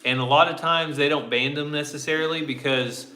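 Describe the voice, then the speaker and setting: A man's voice: a little high, steady tone, brisk, pushed and bright. A man co-hosting a casual farm livestream, easygoing and greeting viewers by name. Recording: echoey room.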